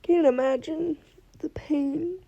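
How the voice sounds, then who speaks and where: A young woman talking through tears in a personal vlog, halting and emotional, her voice breaking. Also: vocal fry, muffled recording. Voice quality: high soft voice, halting and tearful. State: crying.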